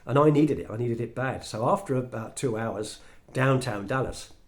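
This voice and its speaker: A man's voice: mid-range voice, moderate pace. A man with an English accent telling a personal story as a monologue, acting out the dialogue he quotes. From England. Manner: animated, acts out quoted dialogue. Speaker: speaker sharing his story.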